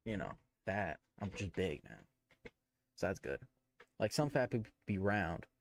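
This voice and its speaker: A man's voice: on the low side, gravelly. A man live streaming, telling rambling casual stories with crude slang, fillers and restarts.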